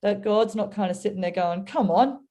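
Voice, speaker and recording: Woman guest, warm mellow tone, earnest storyteller sharing a reflection on faith. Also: medium pitch, steady tone, fairly quick. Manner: earnest, storytelling, acts out voices. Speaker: guest speaker.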